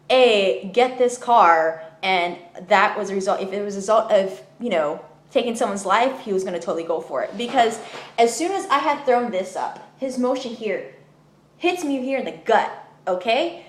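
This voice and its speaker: Animated woman telling her story, roomy echo. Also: on the high side, moderate pace. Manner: animated, emphatic, many fillers like "you know what I mean". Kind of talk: personal testimony, casual storytelling.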